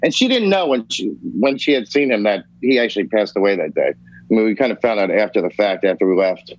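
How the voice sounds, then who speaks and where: A man's voice: fairly low pitch, expressive, quick pace. A man telling a rambling, emphatic personal story on a podcast, swearing freely. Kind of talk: casual storytelling. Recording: dull, lo-fi podcast audio.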